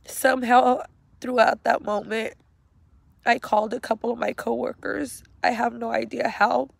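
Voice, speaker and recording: A middle-aged woman slowly and haltingly retelling a painful memory, speaking outdoors. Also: a little high, flat delivery, gravelly, dry recording. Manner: slow, halting, emotional retelling. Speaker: grieving mother. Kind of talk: personal storytelling vlog. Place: outdoors at a cemetery.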